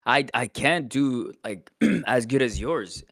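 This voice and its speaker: A male streamer chatting casually with a friend, excitable and laughing often. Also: medium pitch, slow. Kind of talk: casual chat.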